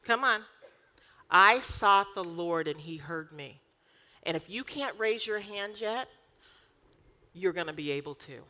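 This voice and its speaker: A woman, preaching a lively sermon full of emphatic rhetorical questions. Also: fairly low pitch, a little slow, in a large hall. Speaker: pastor.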